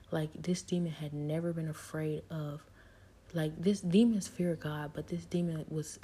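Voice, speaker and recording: A woman telling a personal spiritual testimony in an intimate, halting way, often sinking into a near whisper. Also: low-pitched, mellow, slight background noise. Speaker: speaker sharing her story.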